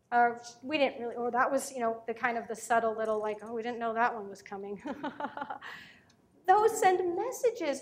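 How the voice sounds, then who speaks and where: Earnest woman in her thirties, storytelling speaker, slightly high voice. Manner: earnest, storytelling, turns emotional. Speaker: speaker on parenting. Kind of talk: personal talk to an audience.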